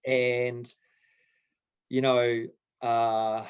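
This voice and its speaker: A man telling stories in an easy podcast chat, slipping into animated quoted dialogue. His voice is mid-pitched and comes through a little dull and lo-fi. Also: very slow, clear, resonant tone. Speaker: podcast co-host. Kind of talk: casual chat, storytelling.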